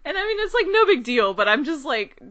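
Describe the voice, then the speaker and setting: Bright-voiced woman telling an excited story. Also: high-pitched, a little fast, no echo. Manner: excited, rambling storytelling with frequent laughter. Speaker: podcast co-host. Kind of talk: casual chat.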